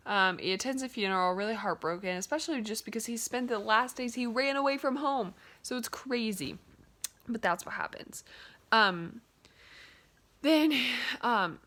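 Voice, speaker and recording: A woman's voice: fairly high pitch, normal speed, fairly bright tone. A young woman casually retelling a story, chatty and peppered with "like" and "um". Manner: chatty, full of "like" and "um".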